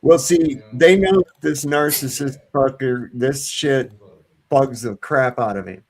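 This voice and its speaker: A man on a discussion panel talking politics casually, swearing freely and scoffing at politicians. His voice sits in an ordinary middle pitch. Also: slow. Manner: profane, scornful.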